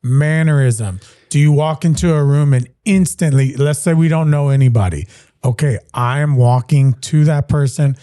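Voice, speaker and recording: A man hosting a business interview podcast, talking in a relaxed, agreeable way and backing his guest with short replies. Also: a little high, moderate pace, dry recording, clean studio sound. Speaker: podcast host. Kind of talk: casual interview chat.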